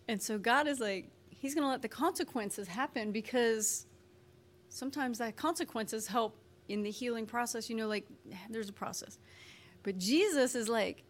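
Chatty woman, a little high. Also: normal speed. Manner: chatty, folksy, full of "you know" and "like"; acts out quoted voices lively. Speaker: speaker sharing her faith testimony. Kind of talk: conversational personal testimony.

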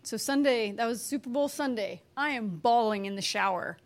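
A woman telling an emotional personal testimony, animated and expressive, acting out what people said. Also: on the high side, moderate pace. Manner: animated, expressive, acts out quotes. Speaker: speaker sharing a personal testimony.

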